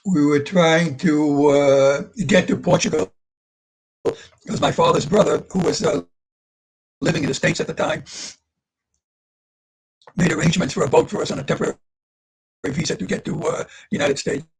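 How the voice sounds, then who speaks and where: Older man, eighties, high-pitched, gravelly, husky, earnest, speaks straight to listeners, video call. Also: moderate pace, pauses often, low-quality recording. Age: 80s. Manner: earnest, addresses listeners directly. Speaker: Holocaust survivor speaking to students. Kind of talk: livestreamed talk.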